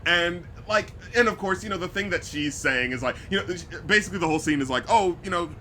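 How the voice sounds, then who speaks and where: Podcast host, male, bright and somewhat high voice, rambling and profane, faint hiss behind. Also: quick pace. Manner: loose and profane, many fillers, mimics film lines. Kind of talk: casual film review chat.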